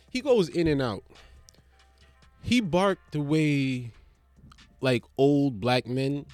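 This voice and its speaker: A man's voice: mid-range voice, darkish tone, no room sound. Rambling, profane man joking around. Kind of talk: casual comedic monologue.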